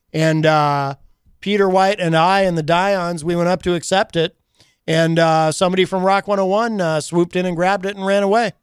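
A man's voice: fairly high pitch, smooth, no room sound, clean studio sound. A man hosting a radio show in casual chat, teasing his co-host in a playful, mock-dramatic way. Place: radio studio.

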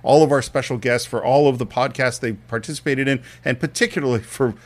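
A man's voice: medium pitch, steady tone, a little fast. A man co-hosting a film podcast, talking in an earnest, openly emotional way. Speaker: podcast co-host. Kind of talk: casual reflective talk.

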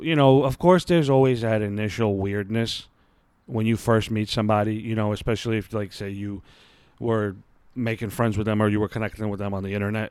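With a lowish, slightly mellow voice and no echo, a man in his 30s spins a casual, meandering story for his podcast, cursing freely and poking fun at himself. He's lying on his bed at home.

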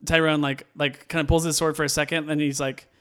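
A man's voice: fairly high pitch, flat delivery, brisk, a bit bright, smooth. A man chatting casually about a movie, enthusiastic and rambling, full of fillers and restarts.

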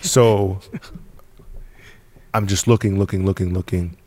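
A man's voice: low voice, fairly even intonation, measured pace, dark tone. A man from the United States, a podcast guest, telling his story bluntly and casually, swearing now and then and laughing between points. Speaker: podcast guest, apparel company founder.

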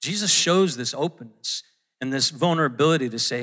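With a mid-range, slightly bright voice and lively intonation, a pastor preaches a little fast in a church auditorium. The sermon is conversational, and he frequently interrupts himself and acts out quotes.

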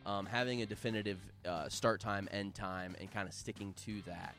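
A man co-hosting a podcast in casual chat, animated and stumbling into quick restarts. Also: on the low side, soft background music. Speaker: podcast co-host.

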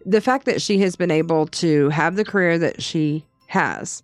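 A woman's voice: on the low side, moderate pace, no echo, faint music behind. A woman co-hosting a podcast in casual chat. She is easygoing and agreeable and sometimes trips over names. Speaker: podcast co-host.

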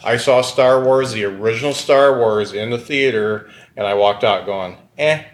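A man's voice: fairly low pitch, moderate pace, poor audio. A man in his fifties chatting casually and joking at his own expense as a regular on a talk show. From Indiana. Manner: joking, self-deprecating. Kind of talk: casual chat.

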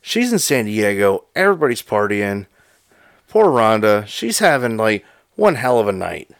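A man co-hosting a podcast, telling a story in casual, profane, animated chat. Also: fairly low pitch, normal speed, dry recording, studio quality. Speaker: podcast co-host.

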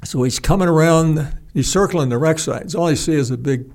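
An older man, a retired pilot, telling a story in a halting, rambling way with restarts and salty language. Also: fairly high pitch, a little mellow. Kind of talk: casual spoken storytelling.

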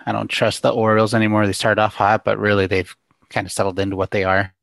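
A man co-hosting a relaxed chat with a low, gravelly voice full of vocal fry. He comes across easygoing and chimes in with quick replies. He is recorded close and dry. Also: no echo. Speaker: co-host. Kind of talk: casual chat.

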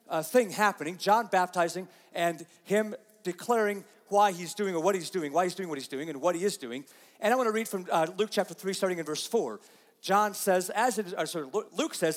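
A pastor giving a conversational sermon, dropping to soft, slow asides and rising to loud, emphatic lines. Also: male voice, sits high, in a large hall. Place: church sanctuary.

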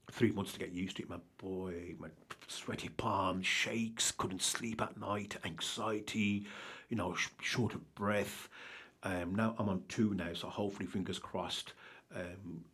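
A man's voice: low voice, fairly bright tone, slightly rough. A man who runs a charity, earnestly telling his own story in an interview, rambling and often checking he is understood. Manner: earnest, rambling, keeps asking "do you understand?". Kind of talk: candid personal account in an interview.

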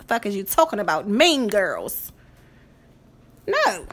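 A woman's voice: mid-range voice, huge pitch swings, extremely slow, fairly bright tone. A woman hosting a podcast in a casual monologue, profane and emphatic, repeating phrases for effect. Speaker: podcast host.

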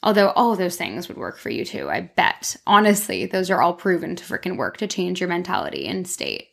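A woman's voice: lowish voice, huge pitch swings, a little fast, gravelly, a bit bright. A woman hosting a casual solo podcast, talking candidly from her room in a rambling, self-encouraging way with lots of "like.". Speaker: podcast host. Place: her own room, speaking toward a mirror.

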